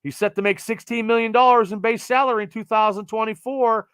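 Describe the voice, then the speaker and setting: Middle-aged male sports podcast host, rambling casual chat, dry close mic, slightly high voice. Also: brisk, clear, resonant tone, no room sound. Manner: rambling, animated, trails off with fillers.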